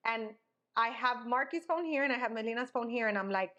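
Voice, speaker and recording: A young woman co-hosting a podcast tells a story in casual chat, speaking briskly in a mid-range, fairly bright voice. Her telling is dramatic, and she acts out the people she quotes.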